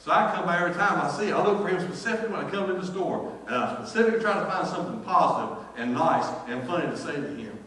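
A man's voice: a little high, lively intonation, rapid-fire, hardly any pauses, fairly bright tone. A man preaching a sermon as pastor, telling a folksy story with many repeated words. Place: church sanctuary. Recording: echoey church hall, distant mic.

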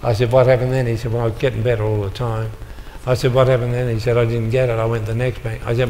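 A man's voice: mid-range voice, flat delivery, fast talker, few pauses, darkish tone. Older guy doing a motivational talk, punchy storytelling, long hall echo, faint noise behind. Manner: storytelling, acting out dialogue with punchy comic timing. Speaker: motivational speaker. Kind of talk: motivational talk to a live audience. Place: large hall before an audience. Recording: live hall recording with long reverb.

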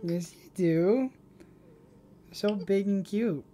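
A woman's voice: medium pitch, drawn-out words, background noise. A nineteen-year-old woman streaming, chatting casually and affectionately with her audience and partner. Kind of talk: casual livestream chat.

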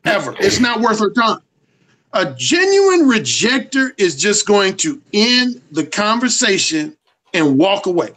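A man's voice: sits high, very animated, unhurried, a bit bright, poor audio. A man being interviewed as a dating coach, lecturing emphatically and swearing freely. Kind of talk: casual interview.

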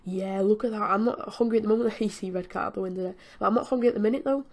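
A woman's voice: medium pitch, rapid-fire, darkish tone. A British woman giving chatty, giggly commentary while playing a video game, talking to the game's characters as she goes. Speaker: gaming channel host. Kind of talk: casual gameplay commentary.

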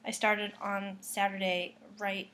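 A woman's voice: mid-range voice, level tone, slow, a bit bright, a little hiss or hum. A woman from Boston chatting casually to camera as a knitting vlogger, with many fillers and restarts. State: close to tears, subdued. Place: home kitchen.

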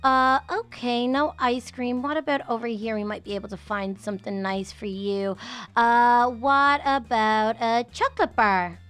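A young woman narrating a game role-play in an animated, exclaiming, motherly way. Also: fairly high pitch, unhurried, clean tone, soft background music.

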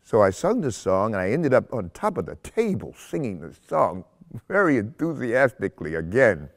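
An older actor telling stories from his career in an interview, animated, laughing often and acting out the voices he quotes. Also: lowish voice, moderate pace. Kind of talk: anecdotal interview storytelling.

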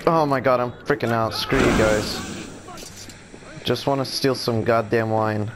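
A man's voice: mid-range voice, steady tone, normal speed, very noisy. A young man commentating a game as he plays, frustrated, swearing and exclaiming at what happens on screen. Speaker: gameplay commentator. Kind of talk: let's play commentary.

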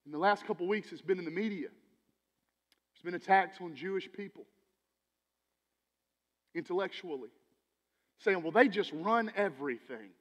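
Animated preacher, high voice, church hall reverb. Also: male voice, moderate pace, long pauses, lo-fi sound. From Texas. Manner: animated, preachy, swings between loud emphasis and quiet asides. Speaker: pastor. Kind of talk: sermon. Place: church sanctuary.

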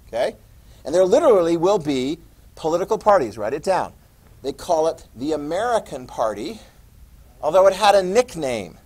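A man teaching a history class, lecturing lively and quizzing his students as he goes. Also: a little high, a little fast, poor audio. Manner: lively, quizzing students and repeating key words.

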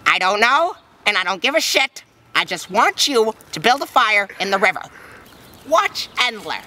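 A woman's voice: mid-range voice, big pitch swings, normal speed. A woman playing a crazy, cursing scoutmaster. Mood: bossy. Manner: cursing, erratic swings from yelling to meek. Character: crazy foul-mouthed scoutmaster, adult, hot-tempered. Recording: noisy amateur home video.

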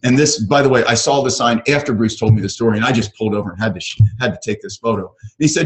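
A man's voice: lowish voice, very fast, few pauses, low-quality recording. A middle-aged man hosting a real estate coaching webinar, talking casually and enthusiastically with many fillers. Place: ranch.

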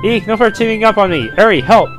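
Man doing squealy, playful teen girl, high and bright. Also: animated, fast talker, over music. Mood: squealing.

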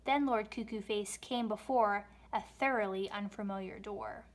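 A woman reading a rhyming children's book aloud, with expressive storytelling delivery. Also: medium pitch, normal speed.

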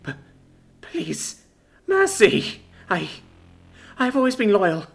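Male narrator as a desperate young bird-woman captive; stammered pleading, pitched high. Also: wildly swooping pitch, takes it slowly, vocal fry, full character voice. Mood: begging.

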